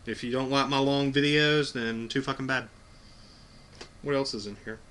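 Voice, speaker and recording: A man's voice: medium pitch, steady tone, normal speed, a bit bright, slight background noise. A man hosting a casual unboxing video, talking bluntly and enthusiastically with plenty of swearing. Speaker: video host.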